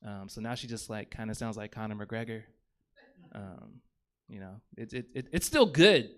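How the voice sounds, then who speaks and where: A man's voice: lowish voice, lively intonation, normal speed. A man in his thirties doing stand-up comedy on a theater stage, rambling and self-deprecating, with lots of fillers and restarts.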